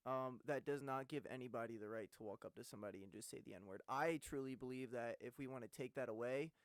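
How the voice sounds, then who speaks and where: A young man in his twenties co-hosting a casual podcast chat, animated and quick to laugh and cut in. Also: medium pitch, no room sound. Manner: animated, laughs often, jumps in. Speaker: podcast co-host.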